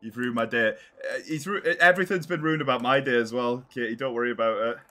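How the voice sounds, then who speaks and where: A man's voice: medium pitch, fast talker, bright, forceful tone. A young man reacting on a live stream, exasperated and swearing as he thinks aloud.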